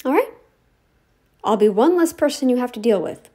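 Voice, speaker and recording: A woman's voice: a little high, animated, normal speed, mellow, breathy edge. A woman talking straight to the camera in a rambling, scolding, sarcastic way, full of "like" fillers. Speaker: YouTube commentator. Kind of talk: ranting direct-to-camera commentary.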